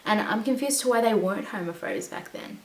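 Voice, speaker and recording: A woman's voice: medium pitch, a little fast. A woman vlogger chatting casually about a TV show, rambling with lots of fillers and restarts. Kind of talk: casual chat. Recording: echoey room with faint hiss.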